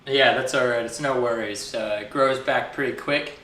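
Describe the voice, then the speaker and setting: A man's voice: mid-range voice, steady tone, moderate pace, pushed and bright, reverberant. An American man co-hosting a casual livestream, laid-back and joking, a little awkward on camera. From United States. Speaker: livestream co-host.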